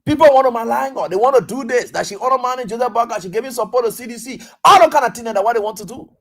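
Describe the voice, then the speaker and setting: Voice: medium pitch, fast talker, a bit bright. A radio talk host, giving political commentary in an emphatic way, full of repetition and rhetorical questions.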